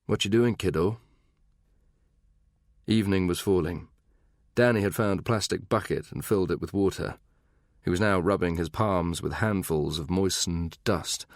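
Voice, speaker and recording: A man narrating a thriller audiobook in an even, measured way. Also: low voice, no room sound, studio quality. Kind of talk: scripted narration.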